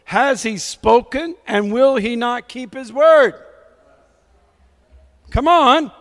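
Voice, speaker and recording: High-voiced preacher man, slow and exhorting. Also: long reverb tail. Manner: exhorting, repeats "come on" to rouse the congregation; reads scripture aloud with emphasis. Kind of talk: sermon.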